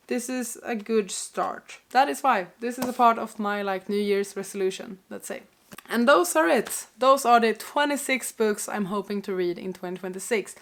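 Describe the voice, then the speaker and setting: A woman with a stuffy, congested voice talks casually to her camera. She rambles a little, second-guesses herself and picks up again, in a mid-pitched, conversational voice. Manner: chatty, self-doubting, rambling. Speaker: book vlogger.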